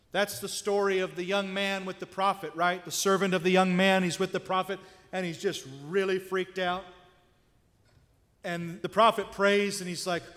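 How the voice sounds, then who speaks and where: A man's voice: sits high, fairly bright tone, big-room sound. A man preaching a sermon in a conversational way, often asking his listeners rhetorical questions.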